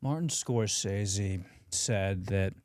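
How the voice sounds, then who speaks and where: A man hosting a podcast, chiming in with short deadpan lines that play along with his guest. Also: deep voice, drawn-out words, no echo, studio quality. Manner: short deadpan interjections going along with the bit. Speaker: podcast host. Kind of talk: casual podcast interview.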